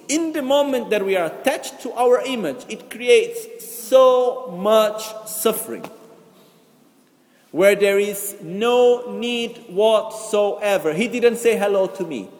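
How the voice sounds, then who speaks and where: Buddhist teacher guy, high lively voice, swoops up and down telling stories, big hall echo. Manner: animated storytelling with acted-out quotes; non-native English phrasing. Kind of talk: Dharma teaching.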